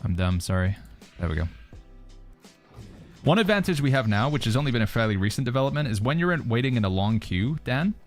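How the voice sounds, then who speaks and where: A UK streamer whose British accent leans American chats casually during a game livestream, reading chat messages aloud and answering them in a relaxed way. His mid-range voice is fairly quick, with soft background music.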